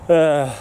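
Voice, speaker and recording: A man's voice: fairly high pitch, mellow, slight background noise. A man in a casual walking vlog, out of breath as he goes, talking in a rambling, sweary way and chuckling often. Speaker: podcast host. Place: outdoors in an urban park.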